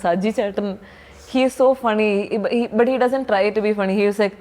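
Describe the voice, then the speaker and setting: A young woman with a Malayali English accent chatting in an interview, bubbly and quick to laugh. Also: mid-range voice, fairly even intonation, a little mellow. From Kerala, India. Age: young adult. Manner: bubbly, laughs often, acts out quoted dialogue. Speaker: film actress, guest. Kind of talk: casual interview chat mixing English and Malayalam.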